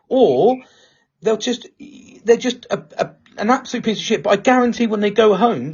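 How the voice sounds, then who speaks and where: A man hosts a live talk show with a high-sitting, slightly mellow, husky voice. He chats casually and candidly, swearing a lot and rambling through restarts, and the recording sounds dull and lo-fi.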